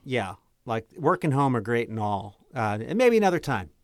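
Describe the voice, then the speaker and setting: A man's voice: medium pitch, sing-song, moderate pace, no room sound, studio quality. Rambling man playing a dwarf. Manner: chatty, rambling, many restarts. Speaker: player. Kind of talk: playing a dwarf character in a tabletop game.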